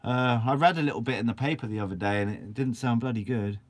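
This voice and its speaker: Speaking fast in a mid-range voice, this young man from Guernsey runs a fishing channel from his shed. He's upbeat and chatty while replying to the live chat, dropping in casual swearing.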